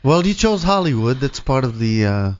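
A man with a slight foreign accent co-hosting a morning radio show, easygoing and quick to laugh. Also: medium pitch, sing-song. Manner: easygoing, laughs often, short replies. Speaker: radio co-host. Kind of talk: casual morning show banter. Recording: slightly muffled dry studio sound.

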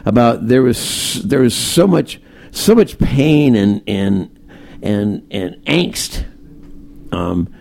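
A man's voice: mid-range voice, animated, slow, vocal fry, darkish tone. A man co-hosting a casual chat, rambling and repeating words as he talks.

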